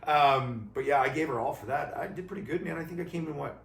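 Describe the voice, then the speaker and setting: A Canadian man co-hosting a casual chat, an animated storyteller who is quick to laugh. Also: on the high side, vocal fry, distant mic. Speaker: co-host and athlete. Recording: echoey garage, voice a little off-mic, faint noise.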